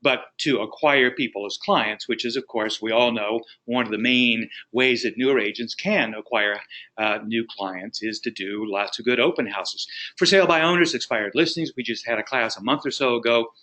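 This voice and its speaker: A man teaching real estate agents on a training call, talking quickly and then slowing down to stress his points. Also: mid-range voice, sharp tone. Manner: rapid talker who slows at times for emphasis; explanatory, coaching tone.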